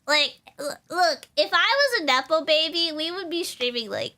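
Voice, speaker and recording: A young woman VTuber chatting on a live stream, rambling without pausing and laughing often. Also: sits high, expressive, bright, forceful tone. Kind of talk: casual live-stream chat.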